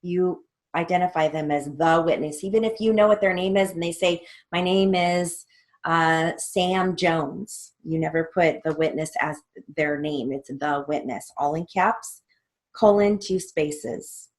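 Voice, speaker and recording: A woman's voice: on the low side, measured pace. A woman, a court reporting instructor, walking through a transcript line by line and naming each punctuation mark as she reads it aloud. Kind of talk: recorded theory lesson walkthrough.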